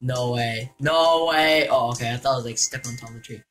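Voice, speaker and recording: Bright-voiced young man narrating gameplay. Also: medium pitch, fairly quick, a little hiss or hum. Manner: excitable, jokey, shouts and laughs at the game. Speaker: gaming YouTuber. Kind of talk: gameplay commentary.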